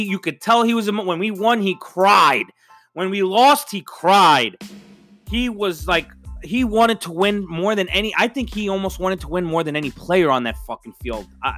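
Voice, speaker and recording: A man's voice: sits high, pushed and bright. Fired-up profane New man ranting. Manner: profane, fired-up, emphatic with repeated stammering restarts. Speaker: sports fan commentator. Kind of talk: heated solo rant.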